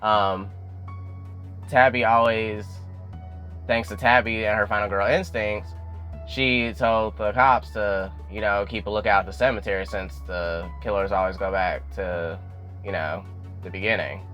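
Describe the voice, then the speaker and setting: A young man with a fairly low voice chats through an episode recap for his channel. He is loose and conversational, leans on fillers and slips into quick impressions of the dialogue. Soft music plays faintly behind him. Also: steady tone. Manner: chatty, full of "you know" fillers, acts out quotes. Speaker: YouTube show recapper.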